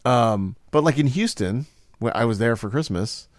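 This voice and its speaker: A man co-hosting a casual chat, telling stories in an animated way. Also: mid-range voice, moderate pace, no echo, clean studio sound. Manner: animated storytelling, puts on accents from scripts. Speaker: podcast co-host.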